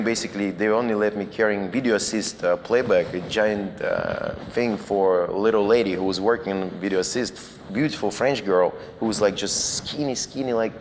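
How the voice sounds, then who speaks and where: A man with a Russian accent recounts stories in a relaxed, meandering way, his English loose and full of restarts and small chuckles. His voice sits a little low. The recording has a lingering room reverb and a faint hum underneath. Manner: loose non-native grammar with frequent restarts and chuckles. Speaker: guest cinematographer. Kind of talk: casual anecdotal storytelling.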